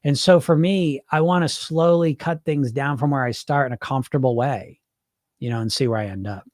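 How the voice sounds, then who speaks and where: A man's voice: medium pitch, moderate pace, a little mellow, no echo, clean studio sound. A man who works as a weight loss coach, talking casually and emphatically, answering viewer questions with many rhetorical questions. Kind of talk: casual live Q&A coaching talk.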